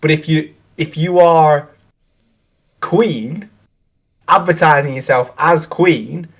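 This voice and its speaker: A man's voice: on the high side, slow pace, husky. A middle-aged man co-hosting a casual chat, talking in rambling, reflective sentences full of restarts. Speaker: co-host.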